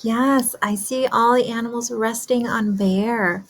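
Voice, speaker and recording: A woman kindergarten teacher asking young children gentle questions about a story in a remote lesson. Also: fairly high pitch, fairly even intonation, unhurried.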